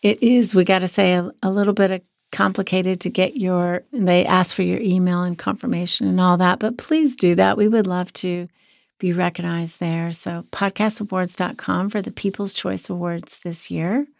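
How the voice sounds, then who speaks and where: A hoarse woman co-hosting a podcast as a sex therapist, talking in an earnest, reflective way. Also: lowish voice, fairly even intonation, normal speed, dry recording, studio quality. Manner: earnest, reflective, many restarts. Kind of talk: casual podcast chat.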